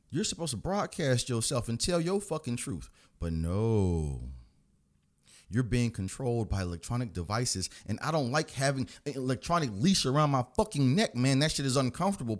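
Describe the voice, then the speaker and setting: A man from the United States rants to camera in a heated monologue. He swears constantly and leans hard on his words. He lurches from near-shouted peaks down to low, rumbling asides. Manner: profane, emphatic, swings from shouting to low growls. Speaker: vlogger. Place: indoors in front of a large flag.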